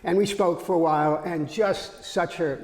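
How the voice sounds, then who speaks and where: A man's voice: a little high, fairly even intonation, normal speed, a little mellow. An American man telling rambling anecdotes in a casual interview, stammering through restarts. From United States. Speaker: guest comedian. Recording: echoey hall.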